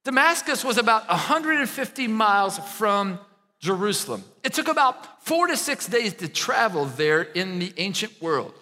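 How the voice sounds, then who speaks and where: A man preaching a sermon in a church, animated and conversational, often checking in with the congregation. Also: high-pitched, long reverb tail. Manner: animated preaching with frequent "right?" asides. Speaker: pastor.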